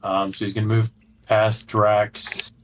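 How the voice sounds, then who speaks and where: Low-voiced hesitant man player. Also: monotone, takes it slowly, soft background music, low-quality recording. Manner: hesitant, with fillers and apologies. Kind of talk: casual chat at a game table.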